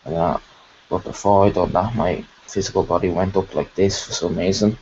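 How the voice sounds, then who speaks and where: A man on a video call excitedly recounting a meditation experience in a rambling, casual way, full of fillers. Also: sits low, normal speed, highs cut off, a little hiss or hum. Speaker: participant sharing a meditation experience. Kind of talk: casual storytelling.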